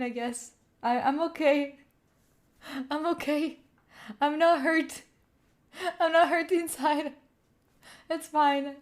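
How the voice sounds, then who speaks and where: A woman whose first language is Italian, chatting casually and playfully to her stream viewers, rambling and laughing at herself. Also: high voice. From Italy. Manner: rambling, playful, self-mocking, laughs often. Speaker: study streamer. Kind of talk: casual live-stream chat.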